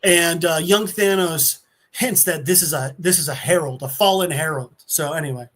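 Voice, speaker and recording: Animated man retelling a comic. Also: fairly high pitch, moderate pace. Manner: animated storyteller, slips into voices. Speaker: podcast co-host. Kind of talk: casual comic-book recap.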